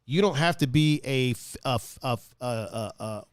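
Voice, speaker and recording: A man hosting a podcast in casual chat, animated and profane, reading listener comments aloud. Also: medium pitch, moderate pace, smooth, dry recording, clean studio sound. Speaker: podcast host.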